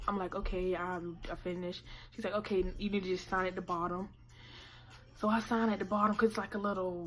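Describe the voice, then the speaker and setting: A teenage woman telling a story to her camera, animated and profane, acting out what people said. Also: medium pitch. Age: late teens. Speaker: vlogger. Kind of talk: casual storytime vlog. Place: indoor room by natural light.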